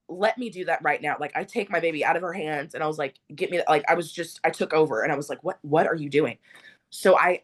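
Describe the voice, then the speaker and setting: A young adult woman, a podcast guest, telling a personal story in an interview, earnest and rambling with many fillers. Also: deep voice.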